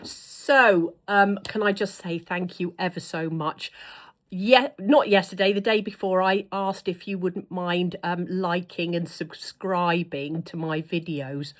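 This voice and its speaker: A woman's voice: on the low side, fairly even intonation, takes it slowly. A middle-aged woman, chatting to camera in an effusive way as a vlogger. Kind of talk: casual chat to camera.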